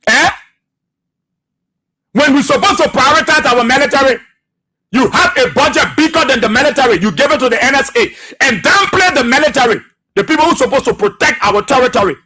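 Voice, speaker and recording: A Liberian man on a radio talk show hammers his targets with repeated accusing questions. His voice sits very high and cuts through with a sharp, bright edge, and a husky grain runs under it. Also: expressive, a little fast. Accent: Liberian English. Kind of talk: political talk radio commentary. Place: radio studio.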